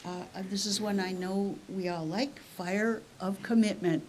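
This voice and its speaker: A woman leading the spoken liturgy in a church service, gentle and unhurried. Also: medium pitch, steady tone. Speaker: worship leader. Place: church sanctuary.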